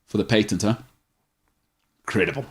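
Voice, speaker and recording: With a lowish voice and a brisk pace, a sports talk show host jokes around casually, reading out viewer questions, offering strong opinions, and tripping over names.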